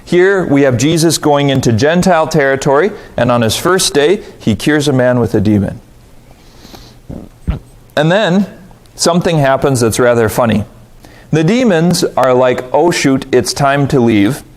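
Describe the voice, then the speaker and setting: Man, Bible study leader, slightly high voice, very lively intonation, chatty teaching with rhetorical questions. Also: moderate pace. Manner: conversational, animated, voices quoted reactions with pitch jumps; asks the audience rhetorical questions.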